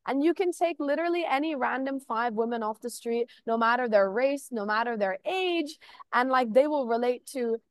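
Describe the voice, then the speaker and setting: A young woman guest on a podcast, chatting casually and telling animated stories, acting out the quoted lines with lots of "like". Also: on the high side, moderate pace, dry recording. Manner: animated storytelling, acts out quotes, frequent "like". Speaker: artist guest.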